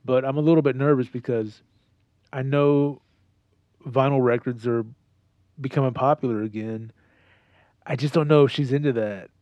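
A man's voice: medium pitch, steady tone, normal speed, long pauses, no echo. A man co-hosting a casual chat, telling rambling stories and jokes. The recording is slightly dull and dry, with no room sound. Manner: rambling, joking, storytelling.

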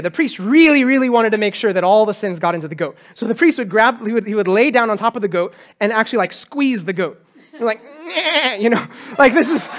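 Animated male preacher. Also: very high voice. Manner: animated preaching, acts out quotes with raised voice. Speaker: pastor. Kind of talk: sermon. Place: church.

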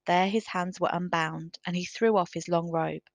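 Woman narrator, storybook reading, gravelly low voice, dry close sound. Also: fairly even intonation, no echo. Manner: measured, careful reading.

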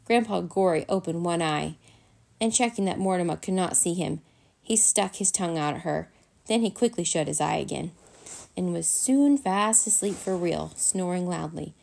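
A woman narrating a children's chapter book, reading aloud lively with character voices. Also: fairly low pitch, normal speed, creaky. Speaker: storyteller. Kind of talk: children's storybook read-aloud.

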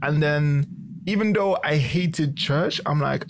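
A young man telling a story in casual chat, animated and swearing freely. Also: on the high side, slow pace. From London.

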